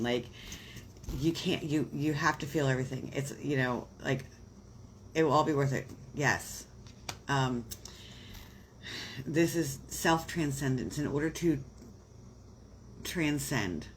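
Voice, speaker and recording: An emotional, chatty woman gives astrology readings on a home live stream. She talks in loose, warm phrases full of fillers and stops to tell her viewers she loves them. A faint noise runs under the phone or webcam recording. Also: very deep voice. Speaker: astrology reader on a livestream.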